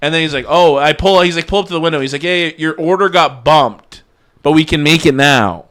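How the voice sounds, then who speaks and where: A man's voice: on the high side, fairly quick. A man telling a story in casual chat, acting out quotes and swearing often. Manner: animated, acts out quotes, heavy swearing.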